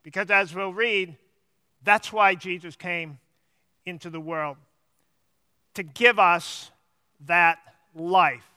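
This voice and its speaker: A man preaching a sermon as pastor, teaching slowly and repeating key words for emphasis. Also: high voice, fairly even intonation, sharp tone, clear, resonant tone, in a large hall.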